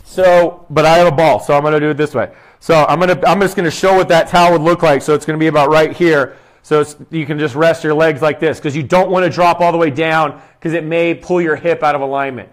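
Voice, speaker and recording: A young man, a fitness coach, leading a guided exercise session, counting reps aloud and giving short, upbeat cues. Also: on the high side. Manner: talks quietly to avoid shouting into the mic.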